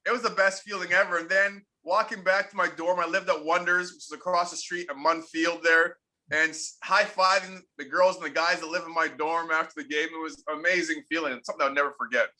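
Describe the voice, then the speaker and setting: A man in his forties with a high, very bright and forceful voice, telling stories with emphasis in an interview. He repeats key points to drive them home. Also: fairly even intonation, brisk. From Canada. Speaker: interview guest, former pro hockey player. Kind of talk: candid interview storytelling.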